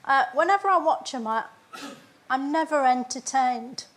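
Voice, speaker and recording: High, sardonic female comedy guest. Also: lively intonation, moderate pace. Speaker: panel show guest. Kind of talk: comic rant. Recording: loud studio audience and noise.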